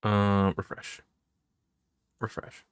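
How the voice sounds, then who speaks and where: A low-voiced man running a tabletop game, often talking half to himself as he clicks through menus. The sound is dry and close, with no room around it. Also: monotone, very slow, smooth, no room sound. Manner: mutters to himself while clicking through software. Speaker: game master. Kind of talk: casual chat while setting up a tabletop game.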